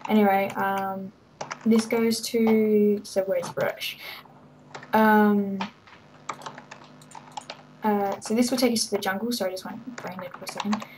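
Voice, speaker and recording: A woman's voice: medium pitch, fairly even intonation, measured pace, pauses often, darkish tone, slight background noise, poor audio. A woman giving a rambling, hesitant walkthrough of her game server, full of ums and little laughs. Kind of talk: casual game walkthrough commentary.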